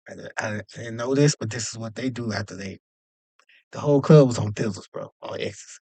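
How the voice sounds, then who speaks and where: A young man casually telling a long, animated story, jumping up in pitch whenever he acts out other people's lines. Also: a little fast, husky, no room sound. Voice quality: animated, acts out quoted voices with jumps in pitch. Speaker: podcast host.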